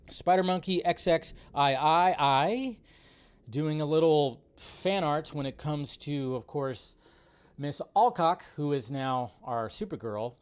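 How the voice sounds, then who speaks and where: A man's voice: a little high, clean tone. A man hosting a live movie news stream, ranting and exasperated as he talks to his viewers.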